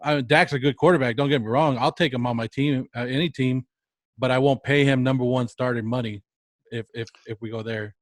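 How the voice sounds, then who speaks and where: A man hosting a casual sports talk show, chatty and teasing, tossing quick questions at his guest. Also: mid-range voice, fairly even intonation, dry recording.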